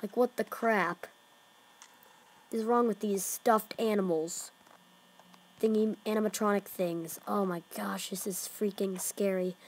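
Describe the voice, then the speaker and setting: A woman's voice: mid-range voice, fairly even intonation, measured pace. A woman hosting a horror game let's play, jumpy and exclaiming, often dropping to whispers. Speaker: gaming channel host.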